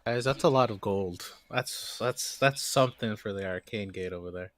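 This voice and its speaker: A man's voice: fairly low pitch, fairly bright tone. Casual man playing a tabletop game. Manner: casual, quick reactions, swears. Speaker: player.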